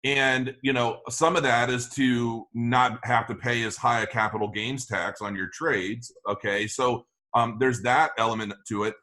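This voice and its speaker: A man's voice: mid-range voice, steady tone, measured pace, few pauses, sharp tone. A man talking as a guest in an interview, rambling with many restarts and fillers. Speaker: crypto channel guest. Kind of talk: conversational interview.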